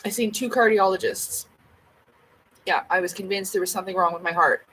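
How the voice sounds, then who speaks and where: A woman's voice: medium pitch, fairly quick, a bit bright, slight background noise, rough recording. A woman chatting casually to camera at home, blunt and rambling, with plenty of swearing. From Canada. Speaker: vlogger.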